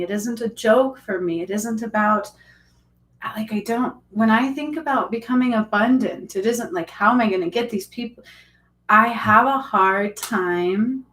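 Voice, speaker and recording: Woman healer talking on a live stream, all fillers and restarts, gets emotional, mid pitch. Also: rough recording. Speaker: spiritual healer. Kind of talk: casual live-stream monologue.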